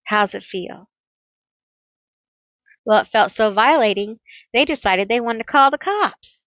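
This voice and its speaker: A woman's voice: fairly high pitch, animated, normal speed, fairly bright tone, no room sound, dull audio. A woman giving a pick-a-card tarot reading, chatty and playful, telling stories with teasing nicknames.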